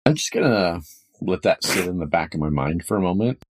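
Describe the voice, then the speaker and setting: A man's voice: deep voice, expressive, brisk, slight background noise. A man hosting a tabletop game podcast, dry and wry, steering the segment in casual chat. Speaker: game master and host.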